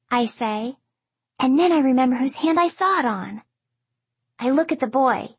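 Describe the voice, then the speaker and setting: A woman narrating a first-person audiobook in an even storytelling delivery. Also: high-pitched, moderate pace, breathy edge, no room sound.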